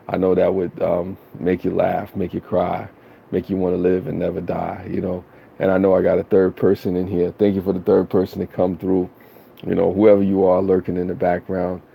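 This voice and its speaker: Laid-back man with a deep gravelly voice. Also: warm tone. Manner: laid-back, slangy, rambling with many fillers and chuckles. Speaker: live streamer. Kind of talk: casual live-stream chat to viewers.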